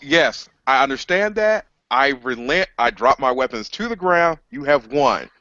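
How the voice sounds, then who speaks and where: A man's voice: mid-range voice, animated, measured pace, sharp tone, dry recording. A big warrior who pilots a mech, speaking in a formal, yielding way, as a man plays him at a tabletop game. The voice sounds close and dry. It comes through a dull lo-fi recording.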